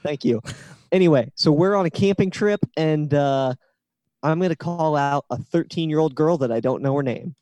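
A man's voice: on the high side, normal speed, warm tone, dry recording, dull audio. A man in his thirties co-hosting a podcast, telling a story with lots of build-up in casual chat. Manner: chatty storyteller with long build-ups. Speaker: podcast co-host.

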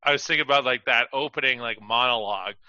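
A man's voice: medium pitch, quick pace, sharp tone, no echo, highs cut off. A man co-hosting a casual podcast, rambling and filling his talk with "like" as he acts out what people said. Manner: rambling, heavy use of "like", acts out quotes. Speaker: podcast co-host.

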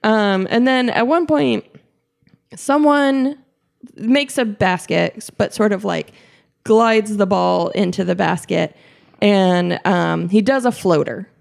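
Giggly young woman with a gravelly edge. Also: mid-range voice, slow. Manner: chatty, giggly, many fillers and restarts. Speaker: podcast co-host. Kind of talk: casual chat recapping a basketball game.

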